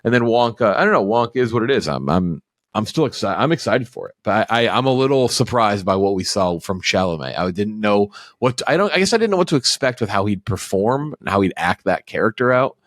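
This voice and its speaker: Low-voiced male host, dry sound, loose rambling delivery full of fillers. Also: big pitch swings, fairly quick, no room sound. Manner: rambling, many fillers and restarts; swears casually. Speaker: podcast host. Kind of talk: casual chat.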